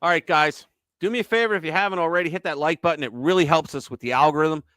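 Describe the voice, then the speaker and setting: A man's voice: a little high, quick pace, fairly bright tone, clear, resonant tone, no echo. A man hosting a livestream, telling rambling stories in casual chat and swearing freely. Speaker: livestream host.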